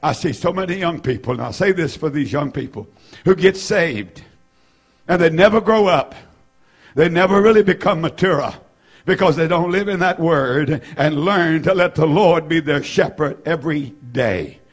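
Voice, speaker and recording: A man in his seventies preaching a fervent sermon, repeating phrases, rising to shouts and filling gaps with "uh". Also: on the high side, normal speed, faint music behind. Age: 70s. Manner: fervent, repetitive preaching with frequent "uh" fillers and shouted peaks. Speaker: pastor.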